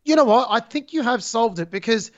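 A woman co-hosting a casual wrestling review chat, animated and sarcastic, often laughing. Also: a little high, a little fast, highs cut off. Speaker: podcast co-host.

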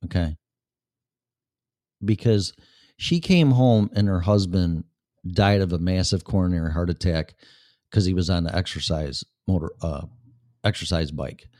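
A man with a very low voice talks straight to his listener as a show host, blunt and full of casual profanity. His voice sits close and dry, with no room sound behind it. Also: measured pace, pauses often, a little mellow, no echo.

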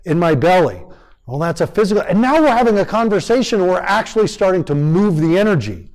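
A man presenting a parenting workshop live, his voice sitting a little on the high side. He talks animatedly and acts out the way a parent speaks to a child, then turns to the room for answers. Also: animated, quick pace, a little mellow, poor audio. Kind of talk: live talk to an audience.

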